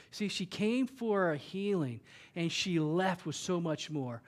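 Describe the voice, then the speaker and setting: A man's voice: high-pitched, measured pace. A man preaching a conversational sermon as a pastor in church, acting out the voices of Bible figures as he goes.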